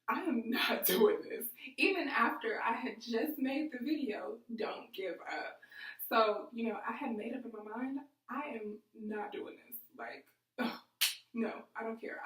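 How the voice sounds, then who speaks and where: A fairly high-voiced woman speaks to her viewers in a candid, rambling way, leaning on fillers as she goes. The sound is roomy and echoey, and she sits back from the microphone. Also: a bit bright. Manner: emotional, rambling, many fillers like "like" and "you know". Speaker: vlogger. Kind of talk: candid personal storytelling to camera. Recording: echoey room, voice from a distance.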